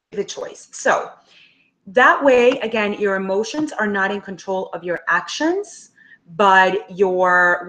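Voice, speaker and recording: A woman's voice: mid-range voice, a bit bright. A young adult woman, a career coach, teaching a webinar in a casual, direct way and acting out inner thoughts.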